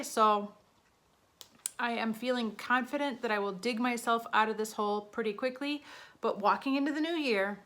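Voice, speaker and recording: Bright-voiced chatty woman beauty vlogger. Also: medium pitch. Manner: chatty, flustered, counting aloud. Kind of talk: casual talk to camera.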